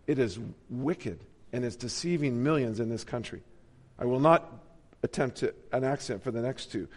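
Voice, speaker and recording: A pastor from the United States preaching a sermon in a church, animated and dramatic. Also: male voice, mid-range voice, moderate pace, in a large hall.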